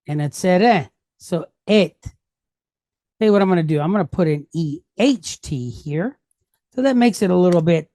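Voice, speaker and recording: A woman's voice: on the low side, warm tone, dry recording. A woman teaching a Hebrew lesson, going patiently step by step and asking questions that she then answers herself. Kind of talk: classroom lesson.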